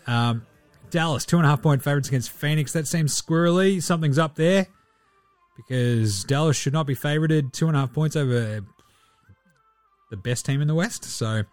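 A man's voice: medium pitch, a little mellow, no room sound. A man hosting a sports podcast, running through betting picks in casual, profane, slang-heavy banter.

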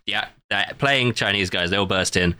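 Male co-host, very deep voice, dry close sound, emphatic banter. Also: moderate pace, pushed and bright, clear, resonant tone, dry recording. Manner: emphatic, swears, laughs easily. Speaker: podcast co-host. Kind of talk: casual chat.

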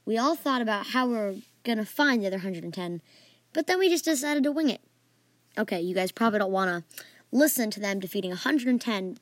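A woman's voice: mid-range voice, animated, fast talker, no echo. A woman narrating a playful, made-up adventure story in a casual way, adding sound effects and asides.

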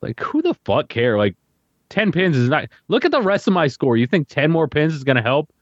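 A man's voice: a little high, sing-song, brisk, no room sound. A man co-hosting a podcast, telling a story in casual chat, swearing a lot and acting out what others said. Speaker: podcast co-host. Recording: slightly muffled, dry audio.

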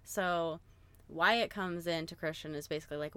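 A young woman with a notably low-pitched voice talks through a film's story in a relaxed podcast chat. She fills her sentences with "like" and lets the odd swear word slip as she builds the tension. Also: normal speed, clear, resonant tone, no echo. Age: young adult. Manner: animated storyteller, frequent "like", swearing. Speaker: podcast co-host. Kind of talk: casual chat, retelling a film plot.

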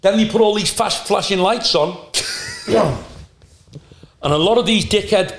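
A male stand-up comedian telling profane, animated anecdotes in a casual podcast chat. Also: high-pitched, unhurried. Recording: roomy echo.

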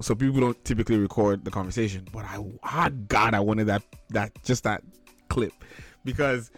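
Lowish-voiced man ranting on a podcast. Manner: animated storytelling, laughing, acting out quotes. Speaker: podcast host. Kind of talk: casual ranting chat.

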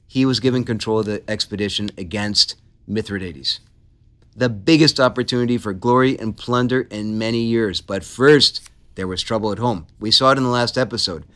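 Bright-voiced man telling history casually. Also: medium pitch, smooth. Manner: animated, laughs easily, playful asides. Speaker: podcast host. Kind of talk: casual history podcast storytelling.

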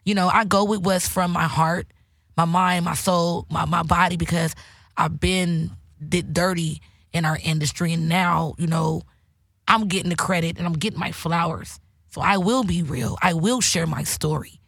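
A woman's voice: fairly low pitch, normal speed, a bit bright, slightly rough, no echo, clean studio sound. A woman hosting her own podcast, talking candidly and emotionally, swearing often. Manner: emotional, preachy, heavy swearing. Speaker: host. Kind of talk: candid casual podcast talk.

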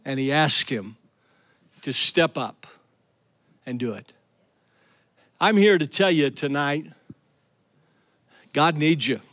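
A man's voice: fairly high pitch, takes it slowly, pauses often. A middle-aged male pastor preaching a sermon, telling stories with energy and calling out to the congregation. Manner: energetic storytelling, calls out to the congregation.

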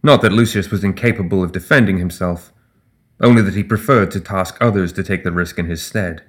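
Guy reading a fantasy audiobook, lowish voice, steady pace. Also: brisk. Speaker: audiobook narrator. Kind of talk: scripted fantasy narration.

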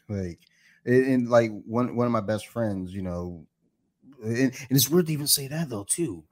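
A man in his forties from Detroit, a podcast guest who talks in an animated way, laughs often and swears freely. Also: mid-range voice, measured pace. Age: 40s. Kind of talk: casual chat.

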